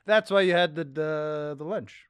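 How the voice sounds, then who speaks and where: Man, casual podcast banter, a bit high-pitched, dry close sound. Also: a little slow, clear, resonant tone, dry recording. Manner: loose, joking, swears casually. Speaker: podcast co-host. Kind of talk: casual chat.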